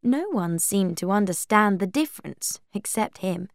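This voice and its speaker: A woman reads a storybook at an unhurried pace, and her pitch rises and falls a lot. The sound is close and dry, with no room around it. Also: creaky, no echo. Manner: slow, lively reading; higher pitch for quoted speech. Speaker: narrator. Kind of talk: storybook reading with character voices.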